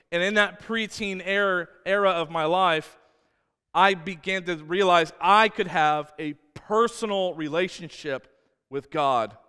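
A man's voice: fairly high pitch, smooth. A man preaching a sermon as a pastor, telling personal stories with many restarts. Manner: storytelling, animated with many restarts. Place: church sanctuary. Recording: church hall with long reverb.

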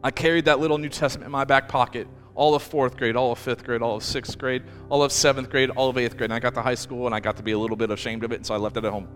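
A man's voice: mid-range voice, little pitch movement, rapid-fire, few pauses, a bit bright, long reverb tail, faint music behind. A man pastor giving a personal sermon, earnest and close to tears, often restarting his sentences. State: emotional, near tears. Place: church.

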